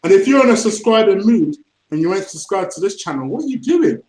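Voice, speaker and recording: Excitable man in an echoey room. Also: high voice, quick pace. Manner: excitable, laughs often, London slang. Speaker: podcast host. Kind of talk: casual fan review chat.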